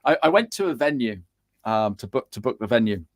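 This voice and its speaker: Cheeky animated man, dry sound. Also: mid-range voice, fairly quick, no room sound. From England. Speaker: guest, business coach. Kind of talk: casual chat on a podcast.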